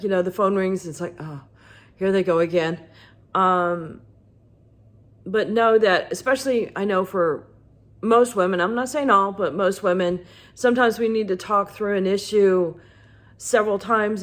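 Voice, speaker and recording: A middle-aged woman with a husky morning voice, talking candidly about her art in a halting way with many pauses. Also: mid-range voice. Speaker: artist vlogger. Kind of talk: casual personal talk to camera.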